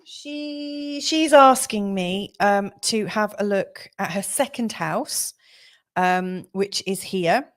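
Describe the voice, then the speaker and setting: A woman's voice: mid-range voice, slow. A middle-aged woman hosting a live astrology show, chatting casually with many ums and apologies. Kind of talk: casual livestream chat.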